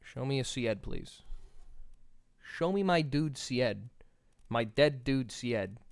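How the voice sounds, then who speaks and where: A man's voice: medium pitch, expressive, slow pace, gravelly, dry recording. A man streaming a game, thinking aloud in a playful, rambling way and swearing casually as he talks to chat.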